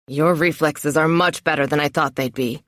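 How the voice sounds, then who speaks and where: A woman reading an audiobook voices a cocky young male trainer in a lowered, laid-back drawl. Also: fairly even intonation, moderate pace, a bit bright, no echo, clean studio sound. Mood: easygoing. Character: gruff young man, team trainer, cocky.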